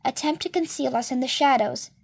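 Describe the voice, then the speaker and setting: A woman's voice: high voice, brisk, creaky, no room sound. A woman voicing a small, bossy, brainy boy who gives orders in a grand, theatrical way.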